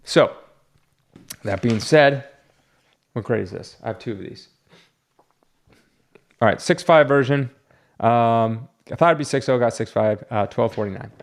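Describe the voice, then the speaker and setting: A man's voice: medium pitch, unhurried, long pauses. A man running a comic book shop, chatting casually and rambling as he talks himself through each graded book. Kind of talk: casual unboxing chat.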